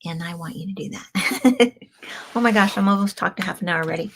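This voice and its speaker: A woman's voice: lowish voice, fairly quick, vocal fry, fairly bright tone, slight background noise. A woman hosting a crystal healing show, talking in a rambling, chatty way and laughing often. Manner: frequent ums and restarts. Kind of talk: casual live-stream talk.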